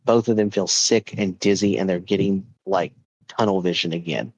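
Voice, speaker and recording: Low-voiced man telling a ghost story. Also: normal speed, no echo, highs cut off. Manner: animated, chatty, uses filler words. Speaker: podcast host.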